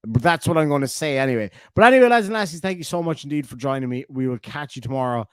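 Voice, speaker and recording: A man from Ireland, speaking with an Irish accent, hosts a casual livestream where he reads viewer comments aloud and rambles chattily with lots of fillers. His voice is a little high, smooth and fast with lively intonation, recorded dry at studio quality.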